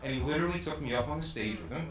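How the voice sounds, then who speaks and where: A man's voice: a little high, animated, rapid-fire, a crowd in the background. A man telling a chatty, self-deprecating anecdote to a live audience from a theater stage. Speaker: stage performer at an event. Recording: roomy hall, distant mic, music behind.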